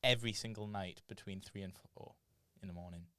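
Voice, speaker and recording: A man's voice: deep voice, steady tone, fairly quick, sharp tone, no room sound. A man co-hosting a podcast, chatting in an easygoing, laid-back way. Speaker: podcast co-host. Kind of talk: casual chat.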